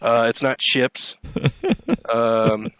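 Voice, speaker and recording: A man's voice: mid-range voice, level tone, drawn-out words, a bit bright, smooth, dry recording. Sarcastic podcast guy ranting and cussing, dry close mic sound. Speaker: podcast co-host. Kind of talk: casual chat.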